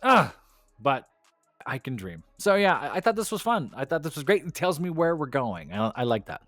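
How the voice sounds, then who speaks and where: A man co-hosting a wrestling podcast in casual chat, opinionated and animated, laughing often. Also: fairly high pitch, normal speed, no room sound, studio quality.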